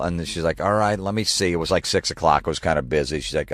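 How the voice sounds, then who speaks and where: A man hosting a comedy podcast, ranting in a profane, exasperated way and mocking people with quick impressions. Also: sits low, no echo, clean studio sound.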